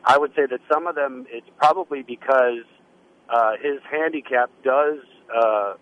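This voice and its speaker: A man hosting a radio call-in show, talking in a hesitant, halting way with many restarts. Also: medium pitch. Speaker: radio talk host. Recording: muffled lo-fi sound.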